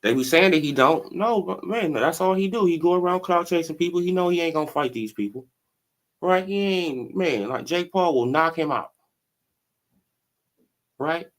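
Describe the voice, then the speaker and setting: A man's voice: fairly high pitch, lively intonation, moderate pace. A man hosting a casual boxing commentary stream, talking animatedly in slang, laughing often and tossing in "right?" and "bro". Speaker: boxing commentary channel host.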